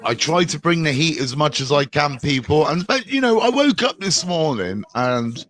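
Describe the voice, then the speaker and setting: A man's voice: a little high, big pitch swings, normal speed, fairly bright tone. A man hosting a live phone stream in a chatty, playful, teasing way, greeting viewers and chatting with his guests. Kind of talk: casual live-stream chat.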